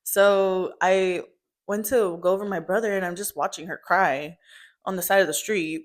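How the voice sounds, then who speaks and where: A woman's voice: lowish voice, fairly even intonation, moderate pace. A young woman telling her mother a family story in casual chat, full of "like" and "um" fillers.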